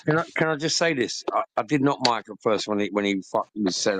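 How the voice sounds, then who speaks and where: A man's voice: on the low side, quick pace, hardly any pauses, fairly bright tone, no room sound. A middle-aged man, chatting casually and telling stories in a boisterous way, swearing heavily. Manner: boisterous, heavy swearing, storytelling. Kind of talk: casual chat.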